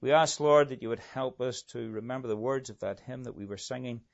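Male preacher, earnest sermon, mid pitch, goes loud then soft, dull lo-fi sound. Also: brisk, creaky. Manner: earnest, building to emphatic peaks then dropping soft.

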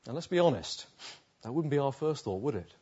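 A man's voice: medium pitch, expressive, brisk, mellow, breathy edge, dull audio. A man preaching a sermon on a Bible passage, retelling it vividly and asking the listeners rhetorical questions.

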